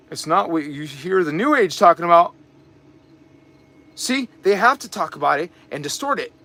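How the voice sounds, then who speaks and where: Male spiritual teacher, high-pitched, preachy and emphatic, livestream talk. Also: sharp tone. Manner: emphatic, preachy, with mocking asides and repetitions. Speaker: spiritual teacher and channel host.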